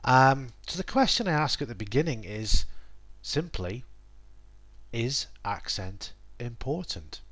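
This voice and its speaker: A middle-aged man talks through a spoken lesson in his own relaxed, reflective way. He corrects himself often and wanders into small asides, filling pauses with "um." His voice sits at an ordinary middle pitch. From England. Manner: thoughtful, self-correcting, many "um"s and asides. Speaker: language podcast host.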